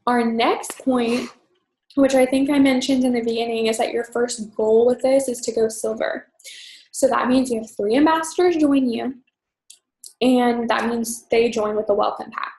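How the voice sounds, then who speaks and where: A young woman team leader giving a fast, chatty, upbeat orientation talk full of "um" and "you guys". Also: a little high, steady tone, darkish tone. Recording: echoey room.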